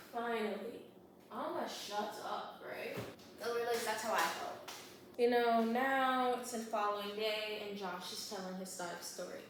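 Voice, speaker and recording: A woman with a somewhat high voice recaps a book in a chatty, slangy, animated way, like a vlogger talking to her viewers. The room around her rings with strong echo, and a clear layer of background noise sits under her voice. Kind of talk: casual book recap while baking. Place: home kitchen.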